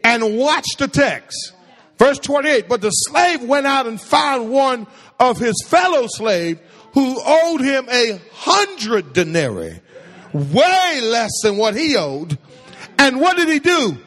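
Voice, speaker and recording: A man's voice: extremely high pitch, very animated, slow, fairly bright tone. A man preaching a sermon in a church sanctuary, using call-and-response and repeating phrases for emphasis. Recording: echoey hall with long reverb.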